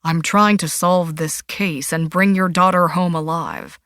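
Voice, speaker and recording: Woman voicing a firm, low-toned detective. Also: fairly even intonation, fairly bright tone, no echo, studio quality. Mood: probing. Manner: low, firm, measured questioning. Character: steady male detective, polite then sharp.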